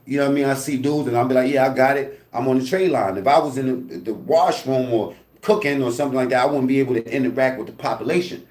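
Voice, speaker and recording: Recounting a prison story, a man talks fast in a medium-pitched voice with few pauses. He's animated and profane, imitating voices and sounds and leaning on fillers like "you know what I mean," and the recording has a roomy sound.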